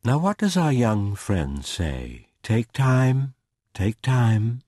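A man voicing a formal, long-winded, old-fashioned lawyer with a deliberate manner. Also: medium pitch, huge pitch swings, dark tone, dry recording, clean studio sound, heavily acted.

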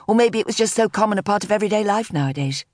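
A woman narrating a contemporary novel as an audiobook in a measured, even-toned reading. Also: medium pitch, dry recording, studio quality. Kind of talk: scripted narration.

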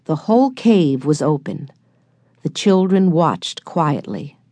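Woman narrator for a kids' audiobook, unhurried and low, dry studio sound. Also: big pitch swings, no room sound. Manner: measured, gentle storytelling.

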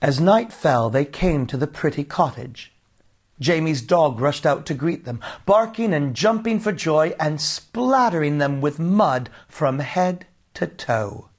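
A man narrating a children's storybook in an expressive, unhurried way. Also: a little high. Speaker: audiobook narrator.

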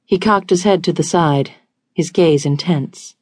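A woman reading a romance audiobook in an even, measured way. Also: lowish voice, slightly rough, dry recording, studio quality. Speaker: audiobook narrator. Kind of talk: scripted romance narration.

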